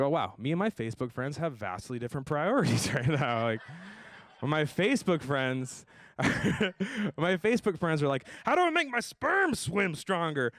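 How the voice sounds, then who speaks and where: A young man hosting a stand-up comedy show, telling deadpan self-deprecating jokes and slipping into voices for the people he quotes. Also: mid-range voice, dry recording, clean studio sound. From Tucson, Arizona area. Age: young adult. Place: comedy stage before a live audience.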